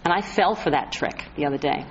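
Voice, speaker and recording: A woman's voice: low voice, a little fast, slight background noise. A woman acting as a spiritual medium, giving an inspirational talk as earnest storytelling and leaning hard on key phrases. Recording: slightly muffled lo-fi recording.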